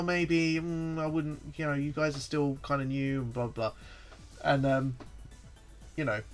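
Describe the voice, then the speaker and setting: A man telling a long story on a stream, his voice bright and forward. He rambles, stops to restart, and gets animated at the funny parts. Faint music plays under him. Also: mid-range voice. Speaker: site founder hosting a livestream. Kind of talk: casual storytelling on a livestream.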